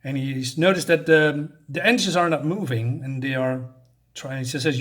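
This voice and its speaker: A man's voice: fairly high pitch, normal speed, a bit bright. A man casually recapping a comic book's plot, rambling and hesitant, often losing his thread. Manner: rambling, many fillers and restarts. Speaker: comic reviewer.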